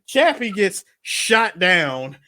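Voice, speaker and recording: A man co-hosting a casual movie podcast, excitable, interrupting to get his point in. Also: sits high, very slow, very noisy. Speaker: podcast co-host.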